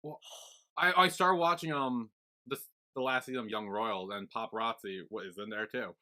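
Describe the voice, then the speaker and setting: A young man co-hosting a podcast in casual chat, halting and teasing, often repeating words. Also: fairly low pitch, pushed and bright. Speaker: podcast co-host.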